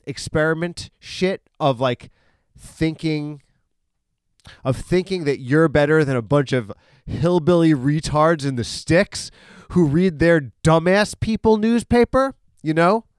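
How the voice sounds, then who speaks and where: A man hosts a casual solo podcast, rambling and swearing freely, full of fillers and self-corrections. His fairly high voice is slow, clear and resonant, recorded on a studio podcast microphone with clean sound and no room echo.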